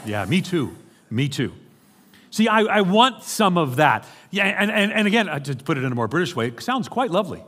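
A man's voice: fairly high pitch, normal speed, a little hiss or hum. New York man preaching in a reverberant hall. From New York City. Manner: animated, joking asides to the congregation. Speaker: pastor. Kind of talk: sermon. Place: church hall.

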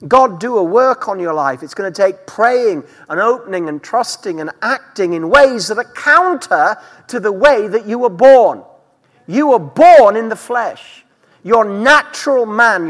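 Male pastor preaching with a high, animated, swooping voice, in a church hall with a long reverb. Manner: emphatic preaching with rising and falling delivery. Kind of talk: sermon.

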